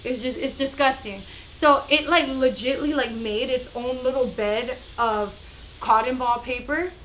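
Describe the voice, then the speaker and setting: A young woman telling a story in a casual vlog, chatty and animated, acting out the other people's voices. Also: high-pitched, unhurried, a little hiss or hum. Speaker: vlogger.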